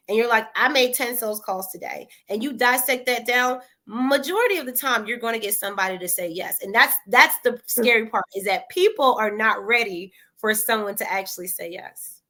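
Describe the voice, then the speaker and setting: A woman's voice: a little high, pushed and bright. A woman guest giving sales advice in a direct, persuasive manner. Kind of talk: casual conversation.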